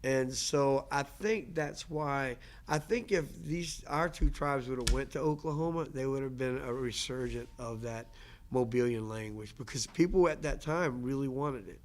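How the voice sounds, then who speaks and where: A man's voice: medium pitch, moderate pace, slight background noise. Earnest man giving a casual lecture. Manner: conversational, repetitive restarts, earnest. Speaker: language teacher and lecturer. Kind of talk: casual lecture answering questions.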